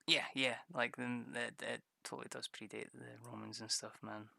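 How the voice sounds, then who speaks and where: Casual streamer, bright voice, dry close sound, loose rambling chat with plenty of swearing. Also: mid-range voice, vocal fry, no room sound. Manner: rambling, self-mocking, swears freely; laughs often. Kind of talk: casual livestream chat while drawing maps.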